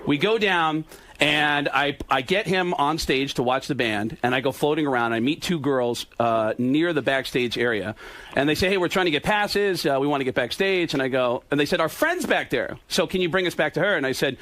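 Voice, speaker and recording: A man telling a long, raunchy story on a talk show, acting out the voices in it and breaking into laughs and shouts. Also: fairly high pitch, brisk. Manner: animated, acts out quoted voices, laughing and shouting at the punchline. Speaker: guest storyteller.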